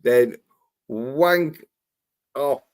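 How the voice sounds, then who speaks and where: A man's voice: mid-range voice, drawn-out words. A man hosting a casual livestream panel chat, talking bluntly and mockingly and swearing constantly. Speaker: livestream host.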